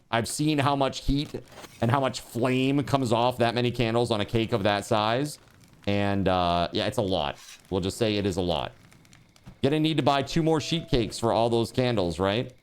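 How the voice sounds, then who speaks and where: Man on a live stream, mid-pitched voice, very animated, loud laughing outbursts, casual swearing. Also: clear, resonant tone. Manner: excitable, bursts into laughter and shouting; casual, swears, says dude and bro. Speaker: livestreamer. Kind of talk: live stream donation reading.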